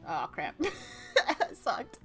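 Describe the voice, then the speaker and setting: A woman speaks slowly while streaming a game live from home, with faint music behind her. She gives live gameplay commentary, chatting playfully with her viewers and her dog and laughing often.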